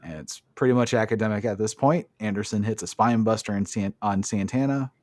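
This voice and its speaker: A man's voice: lowish voice, brisk, darkish tone, no room sound, clean studio sound. A man hosting a podcast, recapping a wrestling match in casual chat and swearing freely. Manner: swears freely, blunt opinions. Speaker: podcast host.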